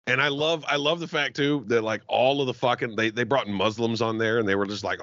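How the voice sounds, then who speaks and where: A man's voice: mid-range voice, steady tone, a little fast, a bit bright, no echo, dull audio. A man co-hosting a podcast, swearing freely and laughing as he jokes, with frequent stumbling restarts. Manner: profane, joking, laughs often, trailing restarts. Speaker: podcast co-host. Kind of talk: crude comedic podcast banter.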